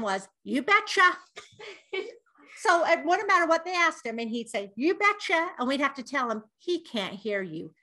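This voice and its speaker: A woman's voice: fairly high pitch, sharp tone. A middle-aged woman co-hosting a podcast, telling family stories in a casual chat, laughing often and mimicking her father's voice. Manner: laughs often, quotes her dad in a gruff voice. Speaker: podcast co-host.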